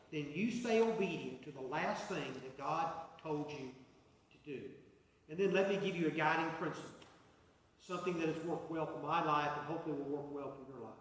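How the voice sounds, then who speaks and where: A man's voice: on the high side, slight background noise. A man preaching a sermon as pastor, earnest, with a repeating cadence. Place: church sanctuary. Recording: echoey hall, mic far off.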